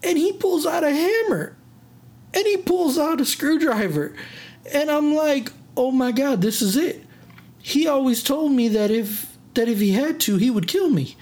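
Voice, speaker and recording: A vlogger telling a personal story in a casual rant, animated and dramatic, with many fillers and restarts. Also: high voice, moderate pace.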